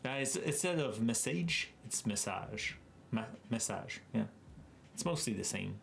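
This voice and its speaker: A man's voice: medium pitch, expressive, normal speed, vocal fry, slight background noise. A man with a Québécois accent, a native French speaker, hosting a casual livestream, chatting and laughing often as he answers his chat. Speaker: livestream host.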